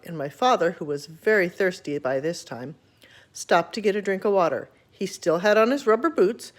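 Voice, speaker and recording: Expressive woman reading a children's book aloud. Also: medium pitch. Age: older. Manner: warm, expressive storytelling. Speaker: storyteller.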